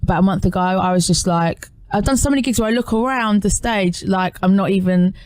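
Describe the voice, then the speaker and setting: Animated woman, chatty interview guest, rambling tales with big pitch leaps, dry close studio mic. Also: fairly quick, no echo. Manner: animated, rambling storytelling with lively pitch jumps. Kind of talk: casual interview chat. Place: radio studio.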